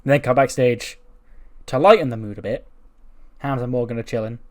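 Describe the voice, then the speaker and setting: A man's voice: mid-range voice, a little fast, darkish tone. A man giving casual commentary on a wrestling booking game, retelling scenes in a chatty way. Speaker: game video creator.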